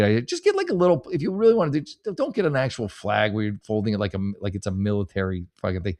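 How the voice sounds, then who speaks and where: A man's voice: lowish voice, very animated, fast talker, hardly any pauses, darkish tone. A man hosting a casual comedy advice show, rambling sarcastically with profanity and stammered restarts. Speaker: podcast host giving advice. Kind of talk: casual comedic advice chat, reading posts aloud.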